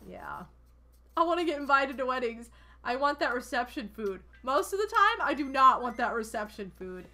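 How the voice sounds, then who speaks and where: A woman's voice: mid-range voice, bright, forceful tone. A woman streamer chatting casually while she plays, rambling with lots of "like" and gushing thanks to donors. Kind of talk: casual gameplay chat. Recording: music playing behind.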